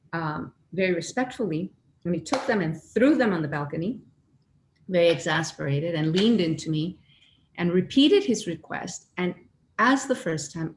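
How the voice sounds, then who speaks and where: A woman telling a personal spiritual story in an earnest, animated way, acting out her own inner voices. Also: lowish voice, a little hiss or hum. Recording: echoey room with faint ambience.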